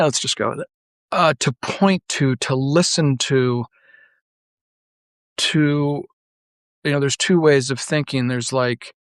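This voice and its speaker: A man's voice: medium pitch, clean tone, no room sound. A man giving a casual monologue as a political commentator, rambling and blunt, full of filler words and restarts. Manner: blunt and profane.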